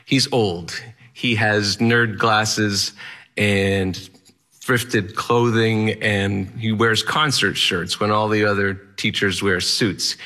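A man's voice: fairly low pitch, steady tone, slow, sharp tone. A man telling a personal story on stage in vivid present tense, with a wry touch.

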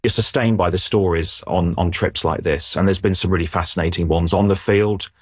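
Low-voiced sports editor. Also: male voice, fairly even intonation, breathy edge, dry recording, studio quality. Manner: measured, thoughtful, with frequent restarts. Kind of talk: reflective news interview answers.

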